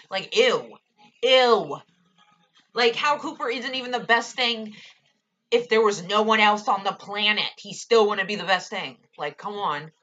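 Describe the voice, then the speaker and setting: A woman's voice: medium pitch, bright, forceful tone, husky, highs cut off. Gushing young woman ranting about TV. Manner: gushing and ranting, lots of "like" and swearing. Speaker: TV episode reviewer. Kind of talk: casual ranting review.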